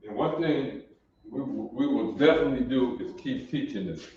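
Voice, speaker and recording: A man's voice: medium pitch, moderate pace, warm tone. A man teaching a language class, repeating words and drilling pronunciation insistently. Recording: echoey, dull lo-fi room.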